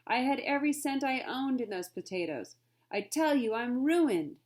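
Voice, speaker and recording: A heavy, gloomy Yankee trader complains in loud groans, as a woman puts him on. The storybook figure is sour and self-pitying. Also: mid-range voice, measured pace, close to an everyday voice. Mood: complaining.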